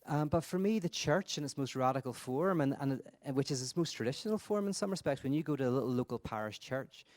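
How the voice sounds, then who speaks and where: A man's voice: medium pitch, expressive, darkish tone. A man giving a conference talk who tells parables and often repeats words while he thinks. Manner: halting, repeats words, reflective. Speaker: conference speaker.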